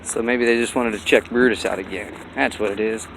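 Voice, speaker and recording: A man's voice: fairly low pitch, fairly even intonation, brisk, few pauses, background noise. A man vlogging outdoors by a busy road, in a rambling, folksy way with lots of fillers. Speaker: dog breeder vlogger. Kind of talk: casual walking vlog.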